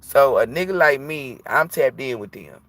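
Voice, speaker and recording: A man's voice: medium pitch, expressive, moderate pace, fairly bright tone, no room sound. A man who reads tarot, talking casually and bluntly on a livestream, preachy and profane. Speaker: tarot reader.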